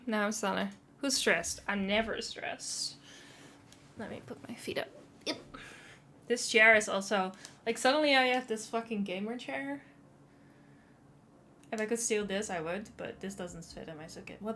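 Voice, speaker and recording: A woman's voice: medium pitch, sharp tone, a little hiss or hum. A woman streaming live, chatting casually and self-consciously while reading chat.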